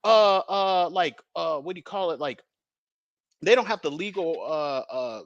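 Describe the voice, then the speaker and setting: A man's voice: on the high side, a little slow, dry recording, lo-fi sound. A man hosting a casual podcast, telling stories emphatically and with a lot of profanity. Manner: animated, acts out quoted dialogue. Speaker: podcast host.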